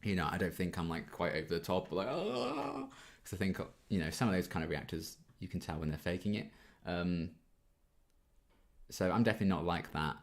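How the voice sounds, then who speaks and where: Low-voiced young man answering viewer questions. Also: steady tone, brisk. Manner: chatty and easygoing, frequent ums. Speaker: YouTube reaction channel host. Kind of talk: casual Q&A reading out viewer questions.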